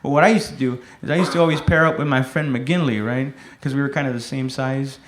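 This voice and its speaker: Man, stand-up comedian, laid-back, swears, shouts other people's lines, echoey room. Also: mid-range voice, steady tone, fast, noisy background. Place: comedy club stage. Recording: echoey comedy club with loud laughter.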